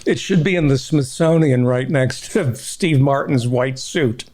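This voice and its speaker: A middle-aged man hosting a podcast, reminiscing in casual chat and quick to laugh. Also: mid-range voice, darkish tone.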